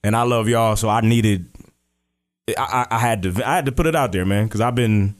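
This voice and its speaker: A man's voice: lowish voice, normal speed. A man co-hosting a podcast in a laid-back, slangy casual chat, drawing out his reactions. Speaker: podcast co-host.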